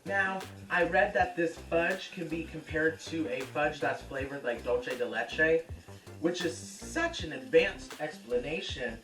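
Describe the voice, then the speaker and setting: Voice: medium pitch, measured pace, far from the mic. Brief: brash, chatty home cooking host projecting to the camera mic from across an echoey kitchen, music under it. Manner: loud projected voice, profane, chatty. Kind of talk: casual cooking show chat. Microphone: camera's built-in mic.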